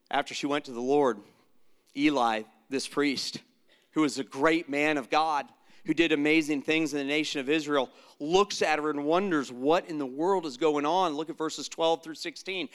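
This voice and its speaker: A middle-aged man preaching a sermon as pastor, earnest, moving between loud emphatic lines and hushed, near-whispered ones. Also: high-pitched.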